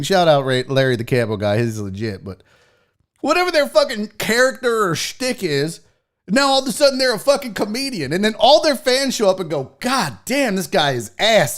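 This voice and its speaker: A man's voice: very high voice, fairly bright tone. Profane ranting man in his forties. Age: 40s. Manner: mocks others in put-on voices. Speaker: show host. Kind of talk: livestream rant.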